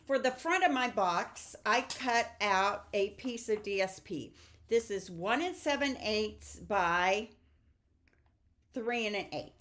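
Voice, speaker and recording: Brief: middle-aged woman, friendly craft instructor, chatty and upbeat, average pitch. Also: animated, slow, fairly bright tone. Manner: chatty, upbeat, talks to viewers while crafting. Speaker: stamping and papercraft instructor. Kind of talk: casual craft tutorial.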